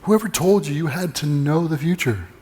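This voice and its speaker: A man's voice: on the high side, expressive, normal speed, a little mellow, long reverb tail. A male pastor giving a sermon in casual storytelling style, often repeating words as he restarts sentences. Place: church sanctuary.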